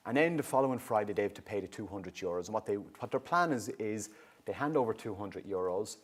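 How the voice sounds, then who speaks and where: A middle-aged Irish man with a fairly low voice gives a public awareness talk on youth drug use. He explains in a lively, conversational way and keeps checking that the listeners follow him. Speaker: youth drug and alcohol service worker.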